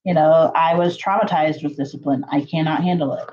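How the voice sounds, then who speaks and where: A woman telling a story to her viewers in a casual, chatty way, full of fillers and lively jumps in pitch. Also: a little fast, dull audio. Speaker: channel host.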